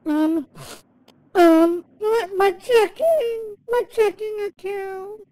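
A very high, squeaky woman's voice, sobbing and whimpering as a scared young mother, as a man puts her on. She keeps repeating her complaints in a whiny, tearful way on a prank phone call. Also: drawn-out words, warm tone, exaggerated voice. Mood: shaky, hesitant. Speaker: scambaiter.

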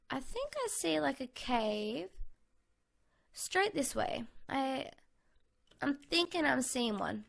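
A woman's voice: sits high, vocal fry. A young Australian woman chatting casually in her bedroom as she plays through a survival game, bubbly and thinking aloud. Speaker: gaming channel host. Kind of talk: casual gameplay commentary. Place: home bedroom. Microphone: USB condenser mic.

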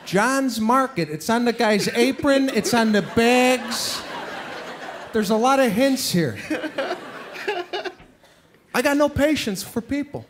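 A man performing stand-up on stage, his voice sitting high and swinging widely as he grows exasperated. The live show recording carries a clear layer of background noise. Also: takes it slowly, pauses often. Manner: exasperated, animated storytelling with acted-out impressions. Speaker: stand-up comedian. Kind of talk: stand-up comedy routine. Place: stage before a live audience.

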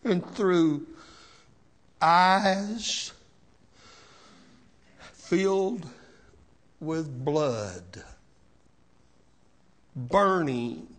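A man preaching a sermon as pastor, slow and emotional, with rising shouted cries and repeated words. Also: a little high, animated. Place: church sanctuary.

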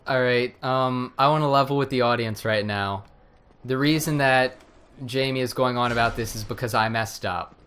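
Deadpan man hosting a gaming show. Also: mid-range voice, normal speed, slight background noise. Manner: dry, deadpan reactions. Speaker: co-host. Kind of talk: casual gaming commentary.

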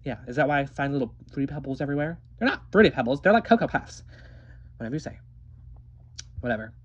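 Performer as an ostrich puppet, husky and crude, voice leaping all over the place. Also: medium pitch, very animated, fast talker, dull audio. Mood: rambling. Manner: rambling, crude, joking. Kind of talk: comedic puppet-show acting.

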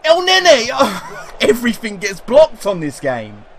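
A young man commentating on his own football video game, excitable and swearing, shouting at his players. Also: high-pitched, measured pace. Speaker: gaming commentator.

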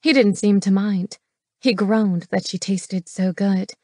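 A woman reads a romance audiobook in an even, mid-pitched voice. Her delivery is measured and intimate. The close studio recording is dry, with no room around it. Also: no room sound. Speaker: audiobook narrator. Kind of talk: scripted romance audiobook narration.

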